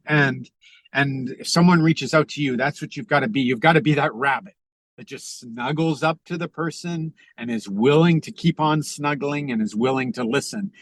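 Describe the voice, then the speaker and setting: A middle-aged man talks earnestly over a video call, pausing and restarting often as he works through his thoughts. His voice sits at an ordinary pitch and the sound is dry and close. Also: a bit bright, no room sound. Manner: earnest, halting, with frequent fillers and restarts. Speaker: podcast guest, author. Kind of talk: reflective conversational talk.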